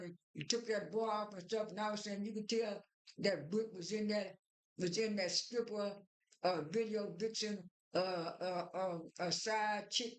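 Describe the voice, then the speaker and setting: A woman casually recapping a TV episode in a rambling way, with lots of restarts and fillers. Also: medium pitch. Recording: echoey room.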